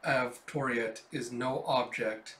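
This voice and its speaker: A man voicing a composed young female commander who talks in a calm, dry, understated way. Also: medium pitch, slow. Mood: cool. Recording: roomy echo.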